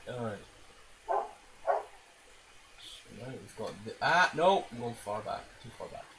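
With a mid-range, expressive voice and an unhurried pace, this game commentator rambles through his gameplay, mocking himself, cursing often and making goofy sounds. Loud background noise runs through the recording.

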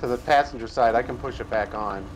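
Man, co-op game partner, calm, helpful, mid pitch, faint game noise. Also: quick pace, rough recording. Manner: calm and helpful, giving driving tips. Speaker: co-op gaming partner. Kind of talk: casual gameplay chat.

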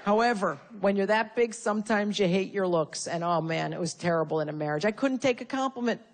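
A woman's voice: mid-range voice, fairly quick. A woman from Connecticut doing a stand-up comedy set, brash and profane with punchy insult jokes. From Connecticut, USA. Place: live comedy venue with audience.

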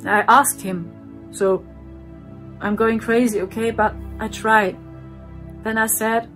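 A woman tells her own story at a slow, deliberate pace, earnest and repeating herself. Her voice sits at an ordinary middle pitch and sinks to a hushed tone for the darker parts. Faint music plays quietly behind her. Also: flat delivery. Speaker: guest telling her story. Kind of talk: personal storytelling.

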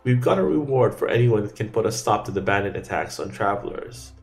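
A man's voice: on the low side, animated, brisk, vocal fry. An actor playing a blunt, unforgiving male fort commander in a video game, speaking in curt, authoritative orders. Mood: grim.

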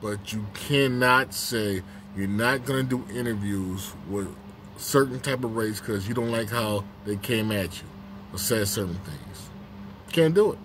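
A man's voice: on the low side, measured pace, background noise. A man hosting his own casual commentary vlog on a break at work, talking bluntly and repeating his points for emphasis.

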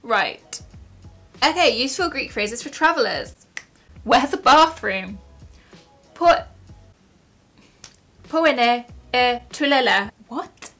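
A young woman talks into her camera at home in a fairly high voice. She is giggly and self-mocking, sounding words out haltingly and laughing at her own attempts. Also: animated, a bit bright, faint music behind. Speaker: YouTuber. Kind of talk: casual vlog chat.

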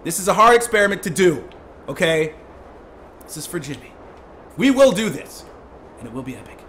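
A young man giving live gameplay commentary as a streamer, excitable, breaking into yells and laughs. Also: a little high, normal speed, slight background noise. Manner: excitable, yelling and laughing in bursts. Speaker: gaming streamer.

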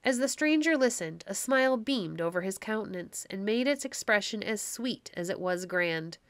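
Woman, storybook narration, gentle old-fashioned read-aloud, dry close studio mic. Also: medium pitch, animated, normal speed, dry recording.

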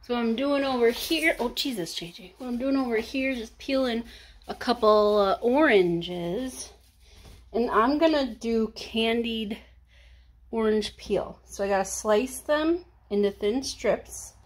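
A woman's voice: a little high, unhurried. A woman chatting casually through a home vlog from her kitchen, talking her way through household chores and cooking with fillers and asides. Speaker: vlogger.

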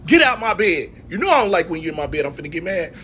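A man's voice: sits high, big pitch swings, fast, loud music behind the voice. A man voicing a grumpy male dog who mutters threats and blusters at an intruder on his bed.

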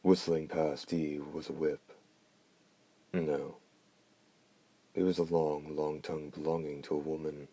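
A man narrating a dark fantasy novel in a measured, grave audiobook reading. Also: rumbling low, slightly rough.

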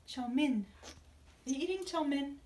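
A woman's voice: high-pitched, normal speed, noisy background. A woman talking to her pet parrots at home in a coaxing, sing-song baby-talk voice, in a kitchen. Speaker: parrot owner and vlogger.

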